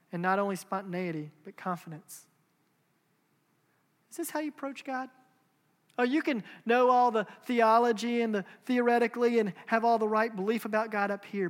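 A man's voice: very high voice, fairly bright tone. A man in his thirties delivers an earnest, emphatic sermon. He repeats phrases and asks rhetorical questions as he builds his point. His voice rings with the long reverb of a large hall. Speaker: pastor.

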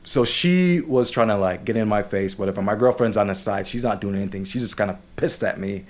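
A man with a fairly low voice tells a personal story in a loose, casual way. He sounds heated and swears freely, circling back with restarts and "you know what I'm saying.". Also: a little fast.

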